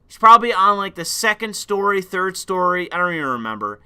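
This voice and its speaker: A young man casually telling a rambling, profane story on a stream, loud by his own account. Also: high-pitched, big pitch swings, brisk, clean tone.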